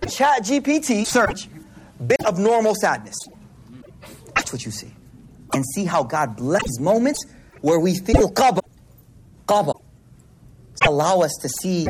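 A man giving an informal religious talk, slangy and animated, swinging between hushed and loud. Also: high voice. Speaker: religious speaker. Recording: noisy recording with clicks.

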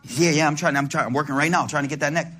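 A man's voice: a little high, fairly even intonation, racing, a bit bright, breathy edge, pitched below the performer's own voice. A man voicing an eager, sheepish male gift-giver who stammers as he talks.

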